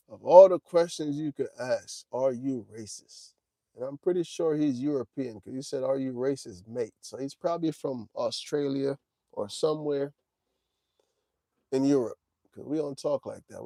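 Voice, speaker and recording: A man's voice: medium pitch, normal speed, gravelly, long pauses, mellow, dry recording. Laid-back forty-year-old man chatting to viewers. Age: 40s. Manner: laid-back, talks straight to chat, drawls "man" and "y'all". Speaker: trucking livestream host. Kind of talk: casual livestream chat.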